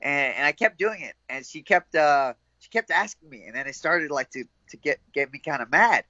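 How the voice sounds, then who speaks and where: A young man being interviewed as a fighter, laughing often and telling animated stories with quoted voices. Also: on the high side, moderate pace, no room sound, highs cut off. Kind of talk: casual interview chat.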